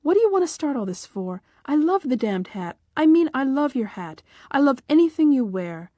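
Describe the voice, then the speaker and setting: A woman reading the lines of a young newlywed husband who keeps trying to calm and coax his bride. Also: high-pitched, moderate pace, no echo, clean studio sound. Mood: exasperated coaxing. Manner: coaxing, then defensive.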